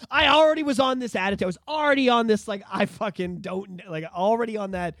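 A man in his thirties hosting a podcast, telling nostalgic stories in an animated, profane, casual way. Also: high voice, quick pace, hardly any pauses, dry recording, clean studio sound. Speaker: podcast host.

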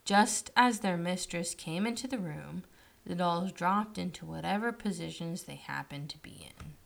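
A woman storyteller reading a children's story aloud in a slow, soothing way, dropping her voice at line ends. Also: lowish voice, creaky.

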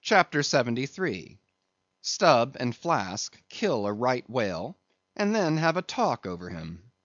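Lively expressive male audiobook narrator. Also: mid-range voice, slow, dry recording, muffled recording. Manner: expressive, lively dramatic reading.

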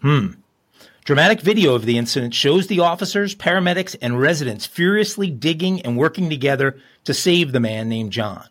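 A man's voice: fairly high pitch, expressive, fairly quick, fairly bright tone. A man co-hosting a crime podcast, reading news stories aloud with chatty, self-deprecating asides. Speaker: podcast co-host.

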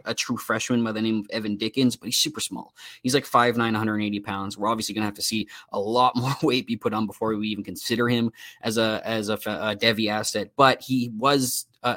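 Male podcast co-host, low and relaxed, stat-heavy casual delivery, dry close-mic. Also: no room sound. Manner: easygoing, rattles off stats with fillers and self-deprecating asides. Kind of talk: casual fantasy football podcast talk.

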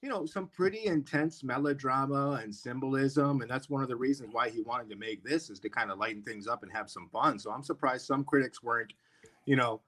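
A man co-hosting a casual film discussion podcast, enthusiastic and quick to laugh, swearing for emphasis. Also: mid-range voice, fairly bright tone. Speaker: podcast co-host.

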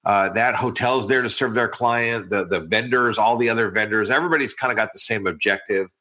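Bright-voiced male podcast host. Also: on the low side, a little fast. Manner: hesitant, restarts phrases often. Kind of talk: podcast interview.

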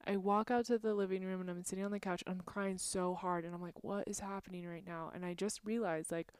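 A woman's voice: on the low side, steady tone, fairly quick, clean tone, dry recording. A woman telling personal stories in a candid, emotional conversation among friends, speaking frankly and sometimes swearing. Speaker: podcast guest.

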